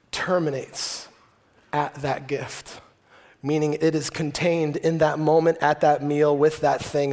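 In a large hall before a congregation, a male pastor in his thirties preaches with the animated, joking manner of a storyteller. His voice is high for a man, and a long reverb trails each phrase.

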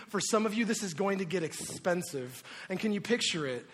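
Bright-voiced animated preacher man. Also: brisk, few pauses, big-room sound. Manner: animated storyteller, acts out voices with big pitch jumps. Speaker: pastor. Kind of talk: sermon with personal storytelling.

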